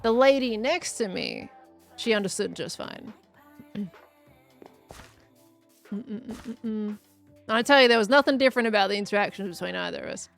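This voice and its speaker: A woman's voice: mid-range voice, sing-song, vocal fry, faint music behind. A young Australian woman chatting casually on a live game stream, answering chat as she builds. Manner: chatty, reading and answering chat, quick laughs.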